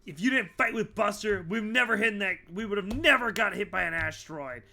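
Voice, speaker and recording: A man voicing an angry woman crew member who talks urgently and forcefully. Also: high-pitched, lively intonation, brisk, gravelly, voice pushed up, exaggerated voice. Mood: accusing.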